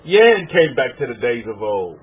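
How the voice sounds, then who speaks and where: A man from Texas preaching an emotional sermon as a rabbi, tearful and fervent, swinging from loud exclaiming to hushed murmuring. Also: medium pitch, sing-song, unhurried, slightly rough. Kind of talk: emotional sermon to an online congregation. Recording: tinny phone-like audio.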